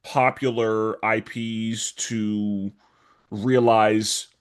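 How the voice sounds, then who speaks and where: A man co-hosting a casual podcast chat, speaking in a hesitant, halting way with many fillers. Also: on the low side, level tone, clean tone. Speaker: podcast co-host.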